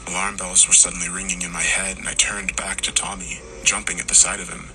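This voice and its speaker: A man reading a scripted horror story in slow, hushed tones, sometimes dropping to a whisper. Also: sits low, completely flat delivery, over music, rough recording. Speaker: narrator.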